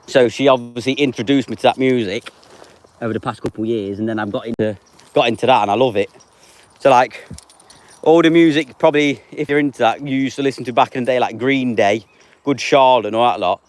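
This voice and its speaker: A man's voice: medium pitch, brisk. A man, chatting casually on a live stream and answering viewers by name. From England. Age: 30s. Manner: reads out viewer names and answers them offhand.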